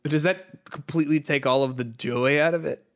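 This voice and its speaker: A man co-hosts a gaming podcast, chatting casually about video games in a fairly quick voice that sits on the high side. He rambles and leans heavily on "like" as a filler.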